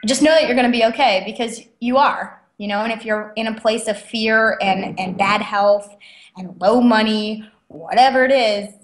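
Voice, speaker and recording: A young adult woman, a guest author, telling stories in a chatty, animated way and laughing often. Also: fairly high pitch, normal speed. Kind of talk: casual interview storytelling. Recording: roomy echo.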